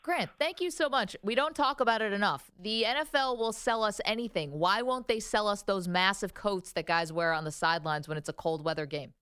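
A woman co-hosts a sports talk show in an upbeat, lively way. Her voice is smooth and clear, recorded close and dry. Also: medium pitch, fairly quick, few pauses, no room sound. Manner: lively, laughs often, upbeat. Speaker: sports radio co-host.

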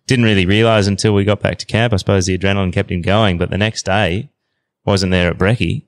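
A man in his thirties with an Australian accent, telling a story as a podcast guest in a relaxed, slangy way. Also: sits low, fast. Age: 30s. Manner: relaxed yarn-spinning, slangy. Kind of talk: casual storytelling.

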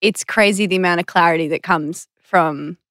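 A woman's voice: on the low side, normal speed, a bit bright, no echo. A chatty woman who hosts a podcast interview. She is encouraging toward her guest. The sound is dry and close to the mic. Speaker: podcast host.

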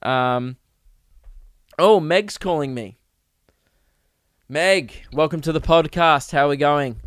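A man's voice: a little high, slow, a bit bright, clean tone, dry recording. Australian male podcast host, crude rambling comic, clean dry close-mic tone. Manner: rambling, crude, jokey, slips into mock voices. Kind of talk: comedic solo podcast rant.

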